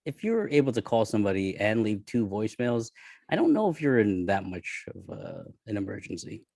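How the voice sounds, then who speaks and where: Chuckling, easygoing lower-voiced man. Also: brisk, no echo, clean studio sound. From Canada. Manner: relaxed, chuckling, wry. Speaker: podcast co-host. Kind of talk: casual chat.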